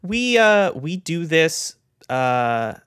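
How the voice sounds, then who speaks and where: A man's voice: on the high side, sing-song, extremely slow, a bit bright, clear, resonant tone, dry recording. Laid-back male podcast co-host, dry close sound. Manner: laughing, loose storytelling with many fillers. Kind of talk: casual chat.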